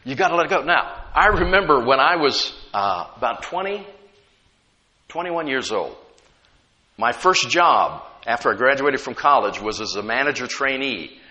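A middle-aged man preaches a sermon. He reads scripture dramatically and breaks off to explain it to the congregation. His voice is bright and rings out, and a long hall reverb trails each phrase. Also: medium pitch, big pitch swings, a little slow, lo-fi sound.

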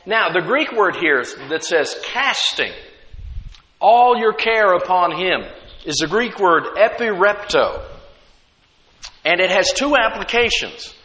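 Male pastor, sermon delivery, animated and higher-pitched, echoing sanctuary. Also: slow pace. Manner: conversational preaching with rhetorical questions.

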